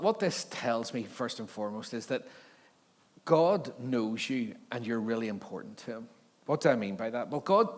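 A male pastor preaching at an evening church service, mixing scripture reading with jokey, conversational asides. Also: mid-range voice. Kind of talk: sermon with Bible reading. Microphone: handheld or stage mic with feedback. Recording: long hall reverb.

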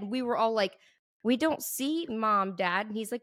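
A woman's voice: mid-range voice, normal speed, fairly bright tone, no room sound, studio quality. A woman hosting a nurse podcast, chatting casually and animatedly, slipping into voices when retelling a family story.

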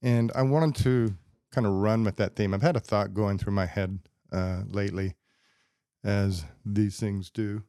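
A man hosting a podcast alone as a psychologist, explaining ideas step by step in a steady, lecturing way. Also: on the low side, a little slow, no echo, studio quality. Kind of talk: casual solo podcast talk. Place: podcast studio.

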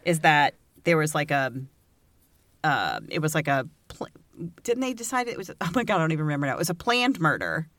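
A woman's voice: deep voice, sing-song, a little fast, a bit bright, no room sound. A woman co-hosting a podcast in casual chat, joking and sarcastic, laughing often with crude, irreverent humor. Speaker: podcast co-host.

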